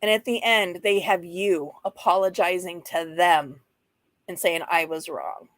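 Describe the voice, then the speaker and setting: A woman's voice: fairly low pitch, unhurried, dry recording. A woman in her fifties hosting a casual mental health talk, frank and chatty, often breaking into laughter and playful asides while going through slides. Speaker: host of a mental health livestream.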